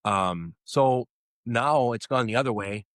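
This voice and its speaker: A man's voice: medium pitch, unhurried, fairly bright tone, no echo. A middle-aged man, co-hosting a podcast in a casual, rambling chat with dry self-deprecating jokes. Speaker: podcast co-host.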